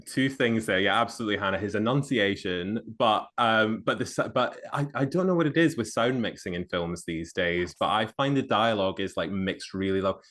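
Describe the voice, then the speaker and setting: A man's voice: lowish voice, fairly quick, hardly any pauses, a bit bright. A man appearing as a podcast guest, chatting easily and sharing opinions with a chuckle. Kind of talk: casual chat.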